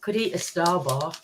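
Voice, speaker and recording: A woman's voice: fairly low pitch, a little hiss or hum. Woman hosting late-night chat; giddy, giggly, rambling anecdotes. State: sugar-hyper and giddy. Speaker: livestream host.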